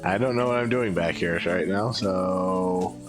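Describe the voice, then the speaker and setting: A man's voice: low voice, a little slow, music in the background. A man streaming a video game live, chatting casually and reading the game's text aloud.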